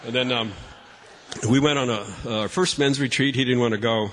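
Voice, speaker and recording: A man's voice: mid-range voice, moderate pace, a bit bright, slight background noise. A man telling funny family stories to an audience, chatty and self-mocking, often restarting his sentences. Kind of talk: personal storytelling talk. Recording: long reverb from a large hall.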